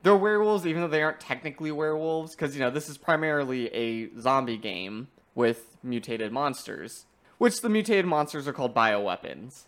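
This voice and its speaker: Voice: mid-range voice, expressive, a little fast. A podcast co-host recapping a video game story in a casual, enthusiastic review chat, with many fillers.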